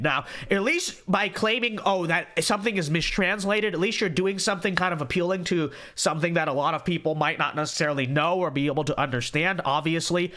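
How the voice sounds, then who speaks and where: A young man hosting a livestream podcast, chatting casually, rambling and repeating words with sudden animated outbursts. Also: high voice. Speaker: podcast host.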